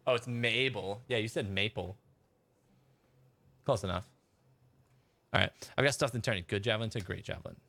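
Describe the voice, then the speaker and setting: A man's voice: lowish voice, moderate pace, long pauses, pushed and bright. A man chatting casually as he streams a game and reads out chat messages. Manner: chatty, rambling, laughs, reads chat aloud. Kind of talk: casual gameplay commentary.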